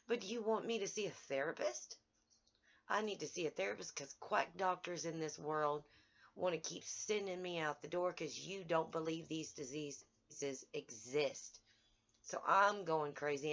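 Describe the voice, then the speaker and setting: A woman recording a daily video diary, talking angrily and outraged, halting and restarting as she vents. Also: deep voice, a bit bright, muffled recording. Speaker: vlogger.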